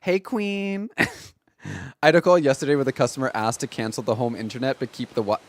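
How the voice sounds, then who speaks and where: A man's voice: mid-range voice, racing. Chatty young man streaming a game. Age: 20s. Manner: chatty, animated storytelling full of "like" fillers. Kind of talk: casual chat while streaming a game.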